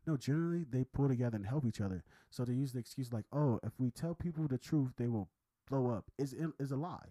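A man talking fast and heatedly in a casual podcast chat, swearing and repeating himself. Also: mid-range voice, animated, warm tone, poor audio. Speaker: podcast co-host.

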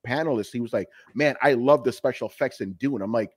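A middle-aged man with a slightly husky voice, talking animatedly as a podcast guest. He is emphatic and swears freely in casual chat. The recording is close and dry. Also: medium pitch, fast, no echo.

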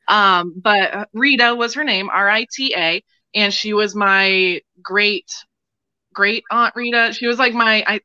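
A woman's voice: mid-range voice, pushed and bright, no echo. A woman joining a live stream as a guest over a call, giggly and hesitant, with lots of ums. Her audio sounds dull and dry. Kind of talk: casual chat over a call.

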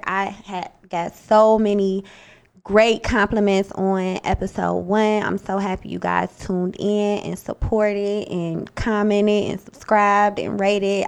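A woman's voice: medium pitch, gravelly, a little mellow. A young woman hosting her own podcast, talking casually and bluntly about her nursing work, full of swearing and pep talk. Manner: blunt, profane, motivational. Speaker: podcast host, nurse.

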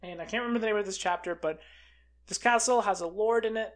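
A film reviewer recapping a movie in a casual, excitable way, full of fillers like "uh" and "like". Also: medium pitch, fast talker. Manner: chatty and excitable, with many fillers like "uh" and "like".

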